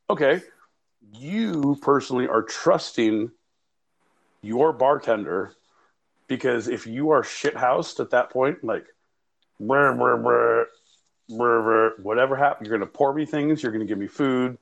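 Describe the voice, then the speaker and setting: A man with a gravelly, creaky voice talks through a loose podcast conversation. He rambles, swears freely and laughs at his own jokes as he goes. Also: mid-range voice, a little slow. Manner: rambling, profane, jokey, laughs often. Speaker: podcast co-host. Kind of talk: casual podcast banter. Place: home studio, recorded remotely via live app.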